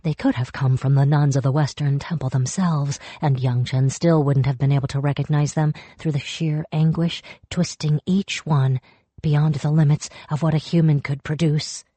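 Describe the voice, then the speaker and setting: A woman narrating a fantasy story in a measured, steady way, close to the mic. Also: sits low, breathy edge, no echo. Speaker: audiobook narrator. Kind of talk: scripted narration.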